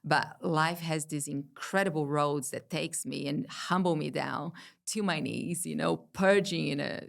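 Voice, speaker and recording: Woman guest, low and gravelly, earnest, lively when quoting herself. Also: measured pace. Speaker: podcast guest. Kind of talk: casual spiritual conversation.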